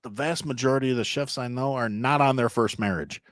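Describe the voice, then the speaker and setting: A man's voice: mid-range voice, fairly quick, no echo, clean studio sound. A man in his thirties, a chef and podcast guest, telling profane, self-mocking stories in casual chat with frequent restarts. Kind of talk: casual storytelling.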